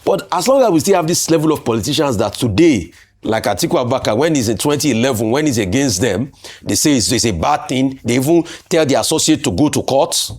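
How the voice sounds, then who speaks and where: A man's voice: medium pitch, expressive, quick pace, darkish tone. A man with a Nigerian accent, arguing emphatically as a political commentator on a studio talk show. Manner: emphatic, argumentative, rhetorical questions.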